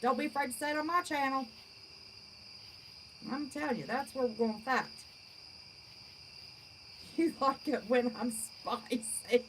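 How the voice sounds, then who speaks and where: A woman's voice: high-pitched, measured pace, pauses often, a bit bright, slight background noise, rough recording. A woman in her fifties hosting a livestream, chatting with viewers in a blunt, folksy, outspoken way. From West Virginia. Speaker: channel host. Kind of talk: livestream chat reading viewer comments.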